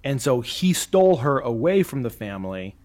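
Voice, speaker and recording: A man with a lively, swooping voice trades jokes about a film in relaxed chat. He talks loosely, full of likes and ums. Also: medium pitch, normal speed. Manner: animated joking commentary with fillers. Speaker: podcast co-host. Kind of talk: casual movie-review chat.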